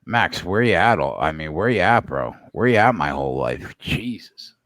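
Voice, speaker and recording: A man's voice: sits low, animated, moderate pace, fairly bright tone, dry recording. A man co-hosting a podcast, chatting bluntly with swearing and mock-dramatic outbursts. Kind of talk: casual chat.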